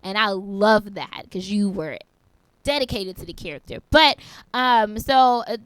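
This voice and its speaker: Chatty woman podcast co-host, smooth voice. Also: mid-range voice, measured pace, fairly bright tone, no room sound. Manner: chatty, repeats herself while thinking aloud. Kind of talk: casual chat.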